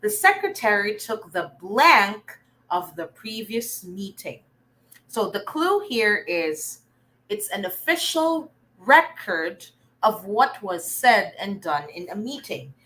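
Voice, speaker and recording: A young Filipino woman teaching a live online reading lesson, warmly praising her viewers as they answer. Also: medium pitch, slow. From Philippines. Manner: encouraging, lively, praising viewers often.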